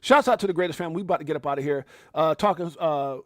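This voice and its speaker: A man hosting a casual live stream, hyped and effusive, giving one shout-out after another to people watching. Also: a little high, racing, no echo, clean studio sound. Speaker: livestream host. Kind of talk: casual live-stream chat reading out viewer names.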